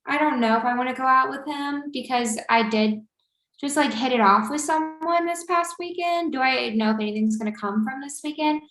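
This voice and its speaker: Young woman gabbing about her dating life, says like a lot, a bit high, echoey room. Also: brisk, fairly bright tone. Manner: chatty storyteller, lots of "like". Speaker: podcast co-host. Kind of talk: casual chat. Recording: roomy echo.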